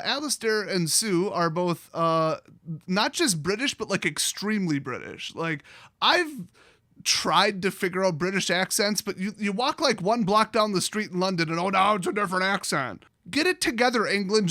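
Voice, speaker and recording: High bright-voiced sarcastic American man. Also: moderate pace, no room sound, clean studio sound. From United States. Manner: sarcastic, mocking, animated rant. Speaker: commentary host. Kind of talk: ranting commentary.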